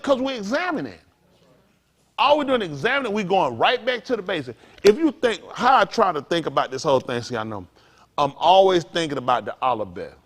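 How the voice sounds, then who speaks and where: Pastor guy preaching casual, high voice that jumps all over. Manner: animated, slangy, laughs through a funny story. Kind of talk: informal sermon teaching with storytelling.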